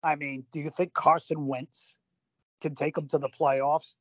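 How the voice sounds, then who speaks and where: A man with a slightly higher voice talks sports in a relaxed, casual way, pressing his case with rhetorical questions and repeated phrases. The sound is dry and a bit dull, like lo-fi podcast audio. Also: unhurried, no room sound. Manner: emphatic, piles up rhetorical questions. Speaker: podcast co-host.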